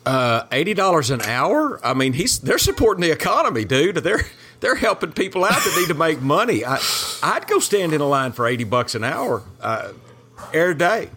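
A man talks in a lively, swooping voice on a casual podcast. He rambles through a story, laughing partway through his sentences. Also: fairly high pitch, a little fast. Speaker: podcast co-host.

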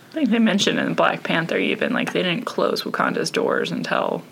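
An animated adult chimes in with film facts during a casual chat. The voice has a gravelly, fry-tinged texture at a middle pitch. Faint ambient noise sits underneath. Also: fairly quick. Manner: animated, fact-sharing, laughs often. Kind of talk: casual movie discussion.

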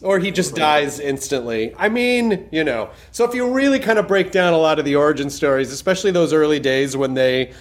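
A man's voice: on the high side, a little fast, few pauses. A man hosting a podcast in casual chat, earnest and rambling, repeating words, then riffing playfully with his guest. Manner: animated riffing, jokey. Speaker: podcast host.

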